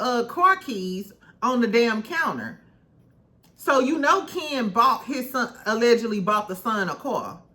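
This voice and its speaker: A woman's voice: fairly high pitch, pushed and bright. A woman recapping a reality show in casual chat, candid and swearing freely, laughing often.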